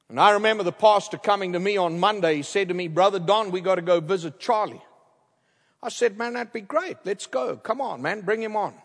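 A man preaching a storytelling sermon as a guest speaker, wearing a headset mic and swinging from loud to hushed. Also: high-pitched. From outside the United States. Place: large church. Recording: long reverb of a large church.

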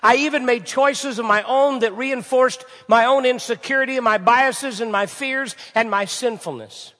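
A man's voice: very high-pitched, moderate pace, sharp tone. A man preaching a sermon to a congregation, asking rhetorical questions and repeating phrases for emphasis. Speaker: pastor. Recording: reverberant hall.

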